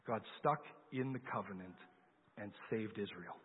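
A man with a fairly low, husky voice speaks unhurriedly as he preaches, relating a Bible story in a conversational manner and questioning his listeners. The sound is lo-fi and phone-like, with a long hall reverb.

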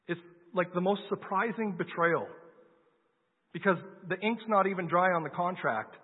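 A man's voice: high voice, moderate pace, husky. A man preaching a sermon, telling a Bible story in a conversational way and asking his listeners questions. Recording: lo-fi phone-like sound with long hall reverb.

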